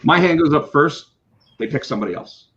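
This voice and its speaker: A middle-aged man, a podcast co-host and comic book artist, telling a story in casual chat, animated, swearing and acting out what people said. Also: on the high side, fairly quick. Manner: animated, swears, acts out quotes. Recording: slightly dull lo-fi sound.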